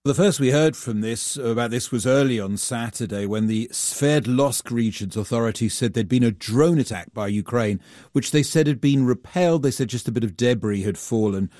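A man, a global affairs reporter, explaining events in a measured, explanatory way during a news interview. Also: mid-range voice, dark tone, no room sound, clean studio sound.

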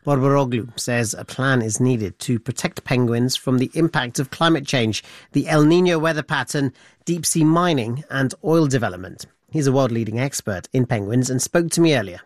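A male radio news presenter introducing a story in a measured delivery. His voice is mid-pitched and recorded dry and close. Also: dry recording.

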